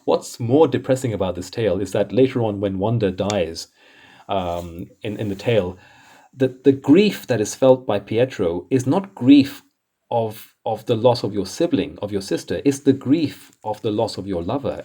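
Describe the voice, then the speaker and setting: A man's voice: fairly low pitch, moderate pace, mellow. A man hosting comics commentary in a casual, rambling way, exasperated and chuckling often.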